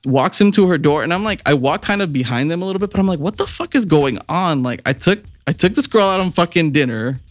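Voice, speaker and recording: A man co-hosting a podcast, telling stories in a casual, animated, profane way, often laughing. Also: on the high side, fast talker, few pauses, no echo, faint music behind. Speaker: podcast co-host. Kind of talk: casual chat, storytelling.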